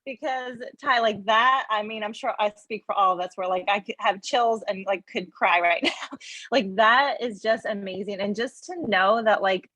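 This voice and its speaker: A woman's voice: medium pitch, moderate pace, sharp tone, no room sound, poor audio. A woman hosting a group video call, bubbly and effusive, filling her talk with "like" and laughter.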